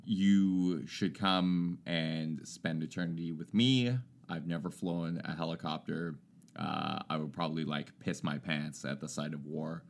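A man's voice: very deep voice, steady tone, unhurried, vocal fry. A man co-hosting a casual podcast, joking and rambling with his friend. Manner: joking, drifts into hammy put-on voices with laughs. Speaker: podcast co-host.

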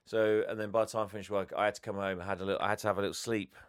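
Tired, smooth-voiced man. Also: on the low side, level tone, rapid-fire. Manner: chatty, self-deprecating, laughs often. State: tired, yawning. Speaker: podcast co-host. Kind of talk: casual chat.

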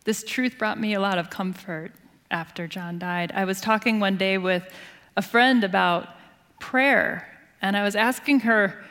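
A woman pastor preaching a sermon in an earnest, expressive storytelling manner, dropping to a hushed voice at tender moments. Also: medium pitch, a little slow. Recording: long hall reverb.

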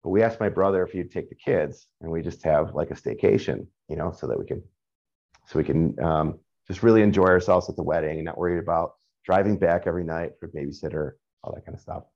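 A man's voice: deep voice, quick pace, a little mellow. A middle-aged man telling a candid personal story in a rambling, casual way, full of fillers and swearing. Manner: rambling, frequent fillers and profanity. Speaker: caller sharing a personal story. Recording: dull lo-fi sound.

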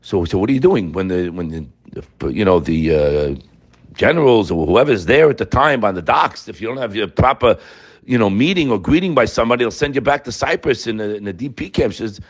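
An older man in his sixties teaching a Torah talk. His pitch rises and falls in wide swings as he tells stories, quiet one moment and emphatic the next. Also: brisk. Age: 60s. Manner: animated storyteller, swinging from quiet to loud.

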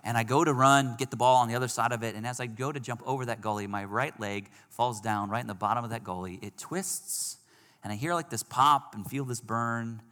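A man preaching, telling a personal story with animated swings between loud outbursts and hushed moments. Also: mid-range voice, brisk. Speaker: pastor. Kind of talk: sermon storytelling. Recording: long hall reverb.

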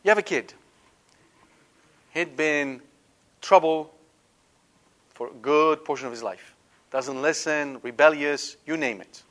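A man delivers a sermon in a fairly high voice. He speaks emphatically and keeps checking in with his listeners, asking whether they understand. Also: slow, pauses often, fairly bright tone. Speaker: preacher.

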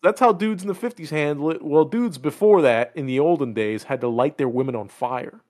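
A man's voice: a little high, a little fast. A man co-hosting a casual gaming podcast, telling stories with lots of swearing and voiced quotes. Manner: profane, animated storytelling with voiced quotes. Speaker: podcast co-host.

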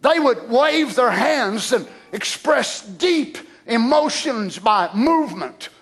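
A man preaching a sermon, swinging from shouts to whispers. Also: extremely high pitch, lively intonation, slow pace.

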